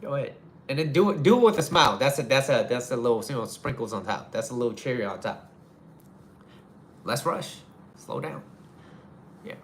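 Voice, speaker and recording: A man's voice: medium pitch, lively intonation, fairly quick, pauses often, slight background noise. A man giving casual relationship advice to a live audience, talking frankly, swearing casually and repeating his phrases.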